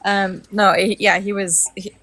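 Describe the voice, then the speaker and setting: A woman on a livestream panel, agreeable and quick to laugh, talking in restarts. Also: mid-range voice, little pitch movement, fairly bright tone. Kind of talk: casual live discussion.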